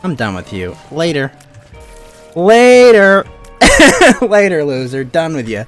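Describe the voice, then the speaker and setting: A man hosting a stream, chatting casually in animated, rambling rants full of swearing. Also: mid-range voice, moderate pace, soft background music. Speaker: streamer host. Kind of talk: casual chat.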